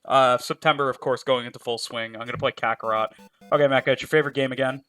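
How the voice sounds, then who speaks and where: Bright, joking male streamer swearing casually. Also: medium pitch, steady tone, fast talker, soft background music. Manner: profane, joking, rambling banter. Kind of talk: casual chat while playing a game live.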